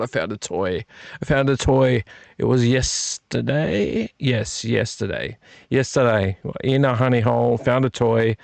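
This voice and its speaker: Gravelly, playful man hosting a home vlog. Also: mid-range voice, no room sound. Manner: playful, repeats phrases, silly wordplay. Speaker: vlog host. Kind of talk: casual rambling chat to camera. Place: home room with fire on a TV and a heater. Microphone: desk microphone.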